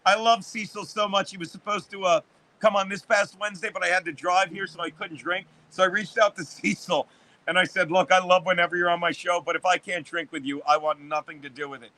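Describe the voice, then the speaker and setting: Fifties male livestream host, high-pitched and punchy, rambling and cursing through casual chat. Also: steady tone, fairly quick, sharp tone. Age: 50s. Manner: profane, rambling sports rant.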